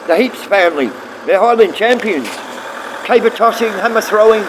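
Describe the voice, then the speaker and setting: Rambling, high-pitched man on a livestream. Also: animated, normal speed, noisy background. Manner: rambling, swearing, casual and blunt. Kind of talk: rambling livestream chat, answering viewers.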